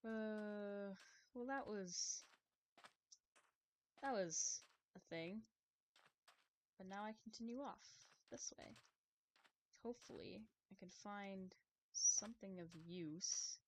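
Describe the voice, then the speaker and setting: A woman's voice: mid-range voice, slow, pauses often, a little hiss or hum. A woman streamer chatting casually while she plays a game, rambling, laughing often and cutting herself off to restart her sentences. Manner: rambling, chatty, giggly, many self-interrupting restarts. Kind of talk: casual live-stream chat while gaming.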